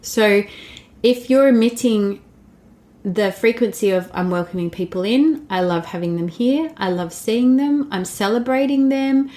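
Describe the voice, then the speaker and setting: A woman's voice: a little high, unhurried, dark tone. A woman, hosting a casual solo podcast in a chatty, upbeat way full of "like" and "babes". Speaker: podcast host.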